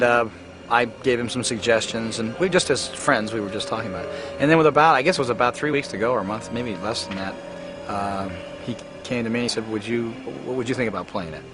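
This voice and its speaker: A man in an interview recalling events in a relaxed, hesitant way with many pauses. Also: lowish voice. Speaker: interviewee recalling being cast.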